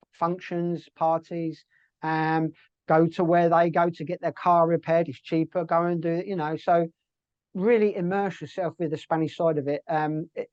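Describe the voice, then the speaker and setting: Slightly high and a little mellow, this middle-aged man's voice carries a British English accent. As a chatty interview guest telling stories casually, he uses lots of fillers and restarts; the audio is dull and has no echo.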